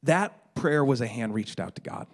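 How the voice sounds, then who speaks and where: A man's voice: mid-range voice, expressive, moderate pace. A middle-aged man preaching a sermon, retelling a story dramatically with stammered restarts. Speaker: pastor.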